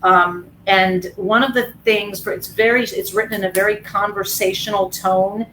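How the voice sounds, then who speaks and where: A woman's voice: mid-range voice, steady tone, normal speed, a bit bright, a little hiss or hum, low-quality recording. A woman fitness professional talking casually in a webinar, chatty and candid, acting out voices in her stories. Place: video call.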